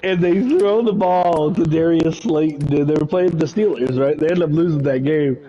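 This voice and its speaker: A man in casual sports chat, excitable and swearing, laughing easily. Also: a little high, normal speed, highs cut off.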